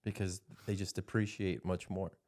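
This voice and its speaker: A male co-host on a casual studio podcast. His voice sits on the low side and his banter is blunt and crude. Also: little pitch movement, normal speed, a little mellow. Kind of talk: casual comedic chat.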